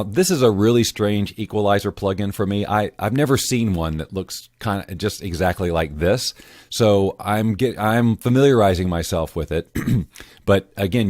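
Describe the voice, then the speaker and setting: A man walking viewers through an audio editing tutorial in a casual, self-correcting way, often clearing his throat. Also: low-pitched, darkish tone, no echo, studio quality. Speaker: voiceover tutorial host. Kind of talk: screen-recorded software tutorial.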